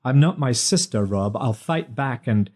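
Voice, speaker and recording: A man voicing a quick-witted young singer and actor who banters playfully and talks back defiantly. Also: mid-range voice, expressive, a little mellow.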